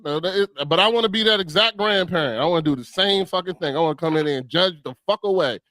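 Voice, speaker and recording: A middle-aged man co-hosting a casual comedic talk show, an animated storyteller who acts out family members in exaggerated voices. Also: high voice, fast, heavy background noise. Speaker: show co-host.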